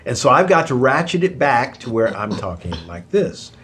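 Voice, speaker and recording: A middle-aged pastor speaks animatedly in a conversational Q&A about marriage, joking about how loud he is. His voice is medium-pitched at a moderate pace with few pauses, over a slight hiss or hum.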